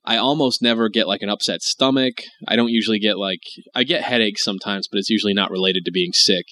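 A man co-hosting a podcast in casual chat, sick with a head cold and a bit raspy, rambling with lots of fillers and restarts. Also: fast, sharp tone, a little hiss or hum. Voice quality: slightly deep and raspy from the cold. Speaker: podcast co-host.

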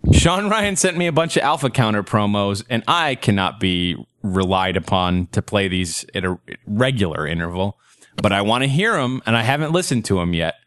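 A man's voice: on the low side, expressive, normal speed, fairly bright tone, no room sound. A man hosting a podcast, joking crudely and laughing through casual comedic banter. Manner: crude, giggly, riffing. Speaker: podcast host.

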